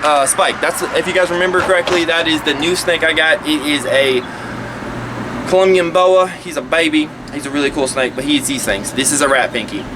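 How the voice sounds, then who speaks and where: A man's voice: a little high, fairly quick, far from the mic, background noise. A man chatting casually through a snake-feeding vlog, rambling with jokey asides. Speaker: pet snake vlogger.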